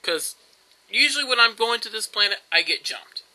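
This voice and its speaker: A young man with a high, sharp-toned voice and lively intonation comments casually on a video game he's playing, at normal speed. His let's-play talk rambles with many fillers and restarts, and the recording is rough.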